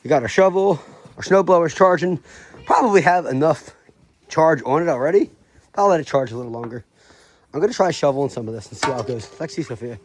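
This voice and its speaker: Out in a snow-covered yard, a family vlogger talks to the camera in a voice that sits a little high, with lively intonation and a quick pace. His manner is cheerful and chatty, and he laughs often.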